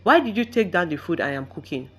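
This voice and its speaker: A woman's voice: lowish voice, big pitch swings, fast, breathy edge. A desperate young wife, pleading through tears, as a woman narrator reads her. The voice rises and falls widely and sounds strained with hurt. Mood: upset. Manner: pleading, tearful.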